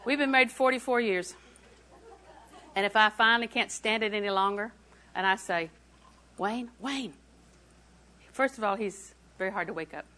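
A woman in her sixties preaching a sermon, repeating phrases for emphasis and moving between quiet asides and loud declarations. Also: mid-range voice, a little fast, a little hiss or hum.

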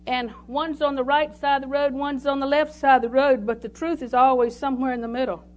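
A woman's voice: sits high, fairly even intonation, a little fast. A woman preaching a sermon, telling homely stories and reading scripture aloud. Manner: folksy storytelling with scripture reading.

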